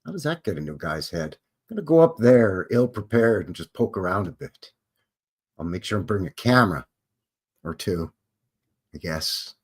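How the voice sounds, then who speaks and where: A man's voice: low-pitched, lively intonation, normal speed, pauses often, slightly rough. A Canadian man hosting a live show, casually reading historical notes aloud and breaking off for wry, offhand asides. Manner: wry offhand asides between read-out facts.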